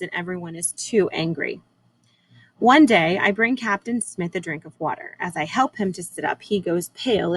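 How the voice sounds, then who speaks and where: A woman teacher reading a novel aloud at a measured, unhurried pace, with occasional small slips. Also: lowish voice, slightly rough, low-quality recording. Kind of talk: read-aloud chapter book narration.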